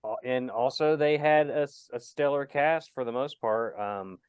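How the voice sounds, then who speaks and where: Smooth-voiced joking male podcast host. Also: medium pitch, moderate pace, no echo. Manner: joking, teasing, rambling with fillers. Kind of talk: casual chat.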